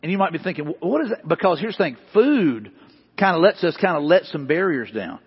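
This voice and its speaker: A middle-aged man preaching a sermon in a church, talking in an animated, conversational way. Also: a little high, a little fast, husky. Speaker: pastor. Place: church sanctuary. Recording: echoey hall, slightly dull sound.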